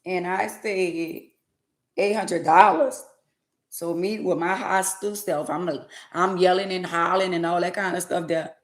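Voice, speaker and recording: A woman casually telling viewers a story, lively with preachy asides in dialect speech. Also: fairly low pitch, a little slow, echoey room.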